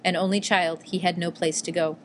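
Low-voiced woman narrating an audiobook. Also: little pitch movement, fairly quick, slight background noise.

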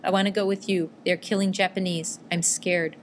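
A woman's voice: fairly low pitch, flat delivery, moderate pace, slight background noise, lightly acted. A woman reading the part of an orphaned teenage schoolboy who is scared and tearful, pleading to come along.

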